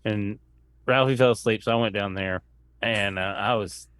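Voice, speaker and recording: A comedian telling a long rambling anecdote in casual chat, acting out what people said. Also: male voice, on the low side, steady tone, moderate pace, fairly bright tone, smooth. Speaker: comedian guest.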